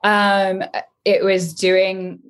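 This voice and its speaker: A woman being interviewed as a guest actress, chatting lively and laughing often. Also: mid-range voice, drawn-out words. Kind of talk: casual interview chat.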